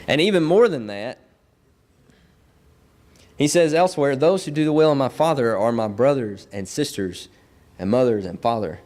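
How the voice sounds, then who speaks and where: A man's voice: mid-range voice, lively intonation, normal speed, pauses often, a little mellow. A young man preaching a sermon in a church, earnest and building his points through repeated phrases. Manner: earnest, repetitive emphatic phrasing.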